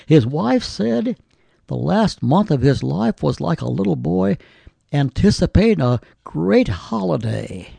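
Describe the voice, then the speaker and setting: A man delivers a sermon in an unhurried, measured cadence, leaning on old-style scripture phrasing. His voice is gravelly and dark, yet sits slightly high for a man. The sound is close and dry. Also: very animated, no echo. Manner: slow, deliberate delivery with scripture quoted in old English. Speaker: preacher.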